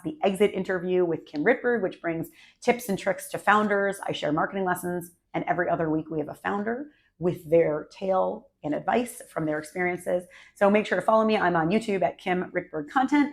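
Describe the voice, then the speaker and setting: A woman coach speaks straight to camera in an upbeat, conversational way. Her voice sits a little low and has a gravelly edge of vocal fry. She delivers her advice in short, punchy phrases. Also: fairly quick, hardly any pauses. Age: adult, married. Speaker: marketing coach. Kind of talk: direct-to-camera tips video.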